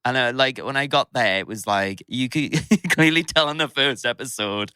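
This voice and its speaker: A man's voice: mid-range voice, moderate pace, bright, forceful tone, clean tone, no room sound, studio quality. A young man from South Shields with a Geordie accent, chatting as a podcast guest and acting out quotes in funny voices. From South Shields, England. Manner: rambling, acts out quotes in character voices. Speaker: podcast guest, drag artist. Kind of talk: casual chat.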